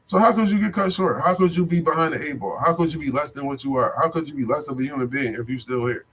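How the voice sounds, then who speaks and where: A man's voice: a little high, fast talker, fairly bright tone, a little hiss or hum. Preachy man in slang-heavy street talk. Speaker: vlogger. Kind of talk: unscripted motivational talk.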